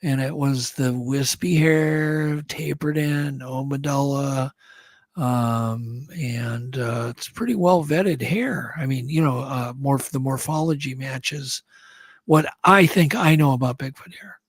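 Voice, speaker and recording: A man appearing as a guest, telling stories in an animated, excitable way and acting out the sounds he describes. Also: mid-range voice, slow pace, no echo, studio quality. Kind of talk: animated storytelling.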